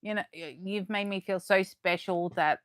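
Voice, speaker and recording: A young adult Australian woman hosting a live unboxing, chatting warmly and gushing as she reads comments aloud. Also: medium pitch, normal speed, clear, resonant tone, no room sound, studio quality. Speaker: livestream host.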